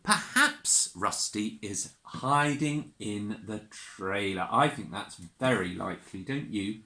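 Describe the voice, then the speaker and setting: A woman reading a picture book to young children, animated and sing-song, asking her listeners questions. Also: very deep voice, slow pace. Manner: makes animal noises and gasps. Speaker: children's storyteller. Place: church. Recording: roomy church echo.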